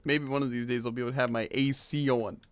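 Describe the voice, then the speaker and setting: A man's voice: mid-range voice, fairly even intonation, fast talker, clean tone, no echo. A man streaming a game who is losing his voice, chatting casually and rambling with lots of fillers into a desk microphone at home. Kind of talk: casual gaming chat. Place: hot room at home.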